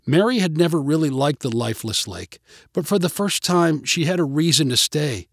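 A man narrating a storybook in an expressive, even-paced way. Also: on the high side, moderate pace, no room sound, clean studio sound. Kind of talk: storybook reading.

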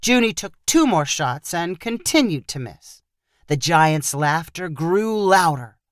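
A woman narrating a short story in an expressive storytelling manner. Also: on the low side, slow pace, no echo, clean studio sound.

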